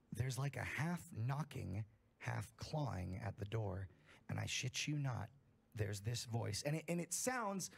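A man with a husky, gravelly voice reads a campfire horror story aloud. He tells it in a blunt, emphatic way and swears often. His voice sits at an ordinary pitch for a man.

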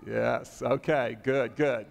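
In a church sanctuary with long reverb, a pastor gives the children's message in a slow, gravelly, medium-pitched voice with fairly even intonation. He's friendly and asks the kids questions while some chatter goes on behind him.

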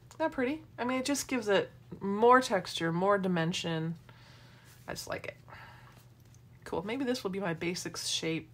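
A woman's voice: lowish voice, fairly bright tone, slight background noise. A middle-aged woman hosting a casual craft tutorial, chatting and wandering into asides as she works. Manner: chatty, rambling asides while working. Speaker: craft demo host.

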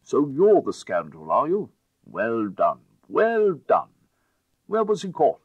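A blustering old English aristocrat, as a man puts him on, exclaims loudly with a high, lively swing. The voice is husky and dry. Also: a little slow, dry recording, phone-quality sound, full character voice. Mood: excited. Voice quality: loud, blustering. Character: blustering elderly English lord, loud and startled.

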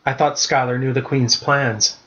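A man's voice: medium pitch, steady tone, moderate pace, pushed and bright, lo-fi sound, natural voice. A man voicing an eager young boy fighter in a storybook reading. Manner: frantic, eager.

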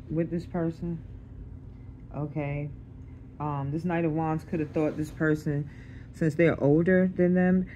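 Speaking to camera over a faint hum of background noise, this tarot reader has a medium-pitched voice with a darkish tone. Her casual reading is streetwise and full of swearing, and she keeps asking "okay?" to make sure the listener is with her.

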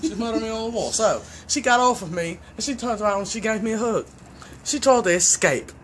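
A man telling a story to friends in an animated, laughing, swearing way, outdoors. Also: high voice, quick pace, a little hiss or hum. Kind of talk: casual chat.

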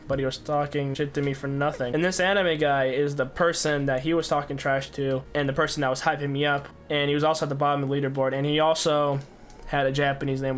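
A young man talks through a gripe about another player in a loose, rambling way, full of fillers. His pitch sits in an ordinary middle range but barely moves, so the delivery sounds flat. Soft music plays faintly underneath. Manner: rambling, complaining, many fillers. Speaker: gaming YouTuber. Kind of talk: casual recounting commentary.

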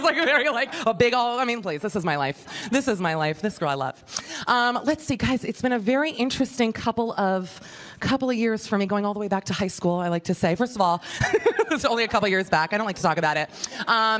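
Quick-talking woman doing stand-up. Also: mid-range voice, a bit bright, slight background noise. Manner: chatty, self-mocking, talks to the audience. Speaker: stand-up comedian. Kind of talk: stand-up comedy set. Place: comedy club stage.

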